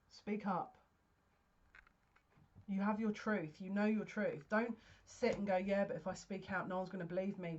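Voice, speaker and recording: A woman's voice: on the low side, highs cut off. Earnest woman giving a psychic reading. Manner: earnest, emotional, rambling with restarts. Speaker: psychic tarot reader. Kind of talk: casual spoken reading to camera.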